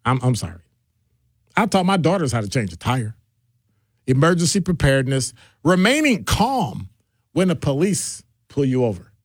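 A middle-aged man hosting a casual call-in radio show, talking in a digressive, animated way. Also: normal speed, no room sound, clean studio sound. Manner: animated, digressive, jumps between deep and high voices. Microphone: studio microphone.

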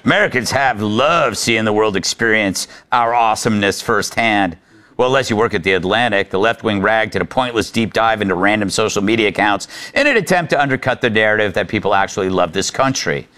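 A man's voice: fairly low pitch, a little fast, bright, forceful tone. A man hosting a talk show, delivering sarcastic, mocking commentary. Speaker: host.

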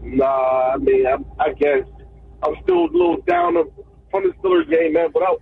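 A man calls into a sports radio show and rambles casually, saying "man" often. His voice is high and husky and swings widely in pitch. It comes through a tinny phone line. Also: expressive, normal speed. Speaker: caller. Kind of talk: call-in chat.

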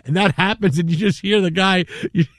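A middle-aged man hosting a sports talk show, telling a story in an animated way and acting out the voices of the people in it. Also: high-pitched, fairly quick, no room sound. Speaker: sports radio host.

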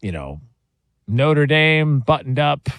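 A man's voice: fairly high pitch, slow, no echo. A man hosting a casual sports talk show, setting up the stories with a chuckle and lots of ums. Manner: lively, chuckling setup of stories.

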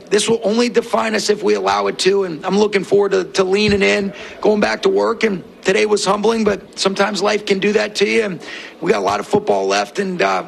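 A man speaking as a football coach at a postgame press conference, measured and reflective. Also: sits high, gravelly, a little hiss or hum, low-quality recording.

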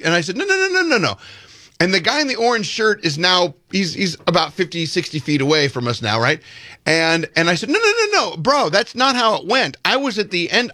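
A podcast co-host with a high-pitched voice tells a long story in a casual chat, captured in clean studio sound with no echo. He's animated throughout and performs the quoted lines.

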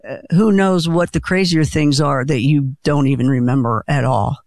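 A woman's voice: sits low, normal speed, darkish tone, no room sound. A woman hosting a late-night call-in radio show, asking questions in a supportive way. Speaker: radio host.

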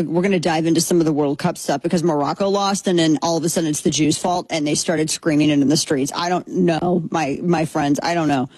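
Husky-voiced woman hosting political talk. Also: sits low, a little mellow, no room sound, low-quality recording. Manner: sarcastic, rambling, riffs on jokes. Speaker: political talk show host. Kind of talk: opinionated casual commentary.

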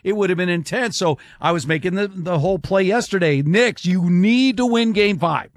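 A middle-aged man co-hosting a sports talk show, emphatic and rapid-fire, repeating his points. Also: high-pitched.

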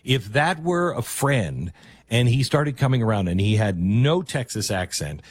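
Sarcastic husky talk-radio host. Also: male voice, mid-range voice, measured pace, no echo. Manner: animated, sarcastic, mocking.

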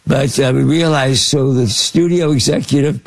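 A man's voice: medium pitch, steady tone, normal speed, vocal fry, dry recording. A man telling rambling anecdotes as an interview guest, full of fillers and restarts. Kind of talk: anecdotal storytelling.

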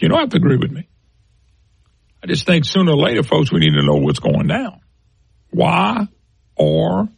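Gravelly, husky man, emphatic. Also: on the high side, dry recording, low-quality recording. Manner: emphatic, folksy, addresses listeners as folks. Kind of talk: opinionated talk commentary.

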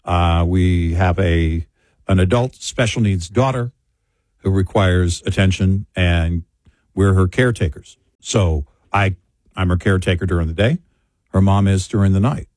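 Older male co-host, lowish voice, dry close sound, rambling casual chat, grandfather type. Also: measured pace, darkish tone, dry recording. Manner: rambling, self-correcting, chatty. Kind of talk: casual talk show chat.

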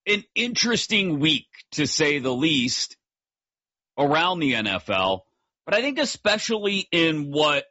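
Upbeat, bright-voiced male sports radio host. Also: mid-range voice, husky, no echo, lo-fi sound. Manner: energetic, jokey, fast asides. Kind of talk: live sports talk radio.

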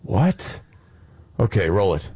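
A man leading a talk radio show, throwing in quick, sarcastic quips. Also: deep voice, very animated, warm tone, slightly rough, dry recording. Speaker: lead host. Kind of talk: casual talk radio banter.

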